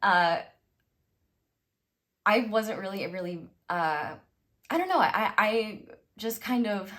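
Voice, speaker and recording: A young woman in her twenties telling a casual storytime to her viewers, rambling, cutting herself off and laughing often, with sudden loud bursts. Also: mid-range voice, animated, takes it slowly. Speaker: tarot reader.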